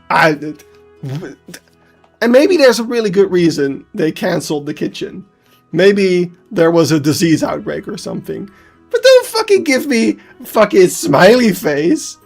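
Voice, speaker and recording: Brief: live streamer, casual, cusses a lot, mid-pitched, faint music underneath. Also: big pitch swings, normal speed, vocal fry. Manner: heated ranting, swears freely, laughs at self. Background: faint background music.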